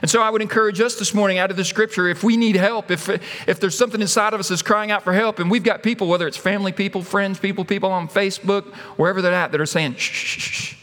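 A man's voice: high voice, fairly even intonation, fast, few pauses, fairly bright tone. A man preaching a sermon, telling the story dramatically and acting out its voices. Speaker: pastor. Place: church sanctuary. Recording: long hall reverb.

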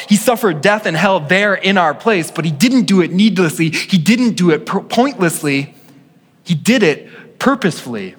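A male pastor delivers an earnest sermon to his congregation, his somewhat high voice carrying through a church with a long reverb tail. He drops to a near hush for weighty lines, then rises to press a point home. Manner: earnest preaching, swings from hushed to emphatic.

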